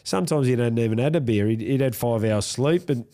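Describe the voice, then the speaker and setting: A man's voice: medium pitch, brisk, warm tone. A middle-aged man, a rugby league coach guesting on a podcast, telling rambling anecdotes in casual conversation with many restarts. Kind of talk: casual interview storytelling.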